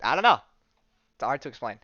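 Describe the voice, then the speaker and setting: A man's voice: medium pitch, big pitch swings, quick pace, pushed and bright, no room sound, dull audio. A man hosting a podcast, casually retelling a comic story with loose jokes and lots of fillers. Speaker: podcast host. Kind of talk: casual comic-book recap.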